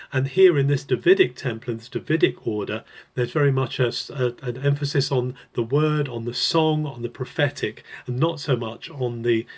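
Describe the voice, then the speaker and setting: A man giving an earnest devotional Bible teaching, explaining a passage in an unscripted, conversational way. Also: mid-range voice.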